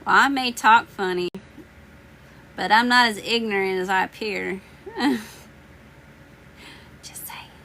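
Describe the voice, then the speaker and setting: A woman's voice: mid-range voice, fairly even intonation, normal speed, long pauses, pushed and bright, a little hiss or hum. A woman tarot reader chatting casually with viewers on a live stream, teasing, laughing and slangy, with her voice a bit worn as she loses it. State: losing her voice. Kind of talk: casual livestream chat answering viewers.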